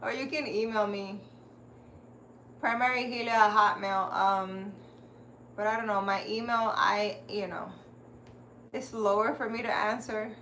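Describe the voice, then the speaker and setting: A woman's voice: mid-range voice, fairly even intonation, unhurried, long pauses, bright, forceful tone, slight background noise. A woman who hosts her own channel as a spiritual healer, chatting casually and animatedly to her live viewers and laughing often. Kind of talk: casual live-stream chat.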